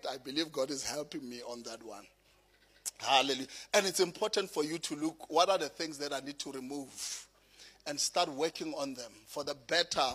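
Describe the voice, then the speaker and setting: Man, South African accent, preacher, sermon, high voice, middle-aged, laughing storyteller. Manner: lively storytelling, laughing through anecdotes.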